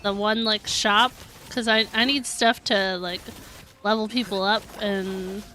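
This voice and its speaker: A woman's voice: medium pitch, flat delivery, unhurried, sharp tone. A woman streamer chatting casually over her gameplay, giggly and easily flustered.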